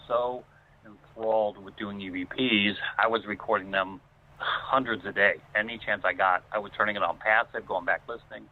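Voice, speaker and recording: Guest, male, lowish voice, emotional earnest storyteller, phone-quality audio. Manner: earnest, emotional telling with many pauses. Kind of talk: personal storytelling in conversation. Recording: phone-like line.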